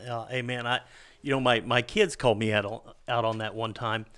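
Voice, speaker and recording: A middle-aged father co-hosting a casual devotional chat, talking in a halting way with lots of fillers and self-deprecating asides. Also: medium pitch, fairly even intonation, fairly bright tone, clean tone, dry recording. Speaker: podcast co-host.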